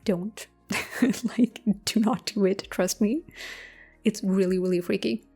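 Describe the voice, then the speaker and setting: Young female ASMR creator, dark mellow tone, soft-spoken Q&A, drifts into whispers. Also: mid-range voice, breathy edge, faint music behind. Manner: slow, intimate, drifting into whispers with soft laughs.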